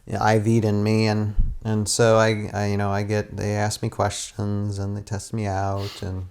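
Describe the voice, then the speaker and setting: A man's voice: fairly low pitch, monotone, normal speed, a little mellow. A man, a guest and stop-motion animator, chatting casually indoors, rambling with lots of restarts and little rants. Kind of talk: casual chat. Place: indoors, sitting on a futon.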